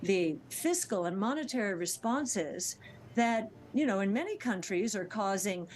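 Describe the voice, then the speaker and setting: A woman answering interview questions in a measured, explanatory way. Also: mid-range voice, expressive, a little hiss or hum. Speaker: interview guest.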